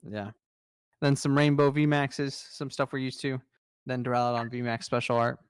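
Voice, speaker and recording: A young man co-hosting a casual podcast chat, rattling off trading cards with easy enthusiasm. His voice is smooth and clear, recorded close and dry with no room sound. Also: medium pitch, little pitch movement, moderate pace, no room sound. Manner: enthusiastic, rattles off card lists. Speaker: podcast co-host presenting trading card news.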